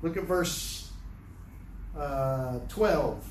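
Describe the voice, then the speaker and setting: Brief: man Bible teacher, high voice, roomy echo from a distant mic. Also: expressive, drawn-out words. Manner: conversational, with many restarts, paraphrasing scenes. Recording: echoey room, distant mic, faint noise.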